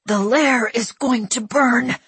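A man's voice: high-pitched, slow, fairly bright tone, husky, dry recording, exaggerated voice. A woman voicing a snarling, desperate male captor. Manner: snarling, ragged with fear.

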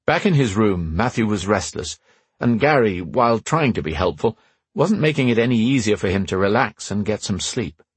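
A man's voice: fairly low pitch, animated, moderate pace, slightly rough, no echo. A man narrating a novel as an audiobook, telling the story expressively into a close mic. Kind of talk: scripted narration.

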